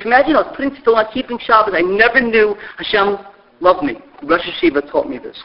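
A middle-aged man tells stories with a high, gravelly voice that leaps across a wide range. He acts out the people he quotes as he goes. The recording sounds dull and lo-fi. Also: fast. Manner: lively storyteller who acts out quoted voices. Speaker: speaker sharing memories of a mentor. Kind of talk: animated storytelling talk.

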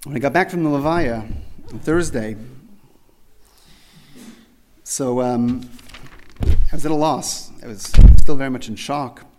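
A man's voice: medium pitch, a little slow, long pauses, a little mellow, slight background noise. A man earnestly telling a personal tribute story, often restarting and repeating phrases, with many Hebrew religious terms. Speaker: speaker remembering his rabbi.

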